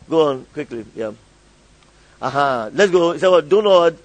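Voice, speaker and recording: In a low-quality recording, a male pastor with a somewhat high, animated voice preaches at a measured pace with long pauses. He leads a call-and-response sermon, having the congregation complete and repeat lines, and laughs often.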